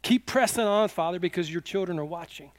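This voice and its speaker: Fervent high-voiced male preacher. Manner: fervent preaching with quick acted quotes. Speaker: pastor. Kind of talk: sermon.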